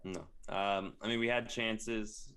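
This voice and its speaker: A man co-hosting a casual sports podcast, speaking in a calm, measured way and asking questions. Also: fairly low pitch, smooth. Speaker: podcast co-host.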